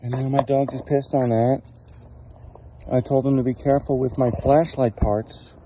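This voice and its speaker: A man's voice: medium pitch, level tone, normal speed, background noise. A man filming his damaged belongings outdoors on a rainy night with a handheld phone, ranting in an angry, exasperated voice and swearing constantly. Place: outdoors at home at night in the rain.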